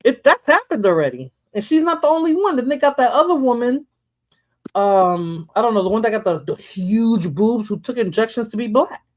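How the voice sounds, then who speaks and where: A woman's voice: a little high, sing-song, normal speed, a little mellow. A woman from the Bronx hosting a casual chat, talking loosely, laughing often and trailing off into mumbles. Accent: New York. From the Bronx, New York. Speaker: host.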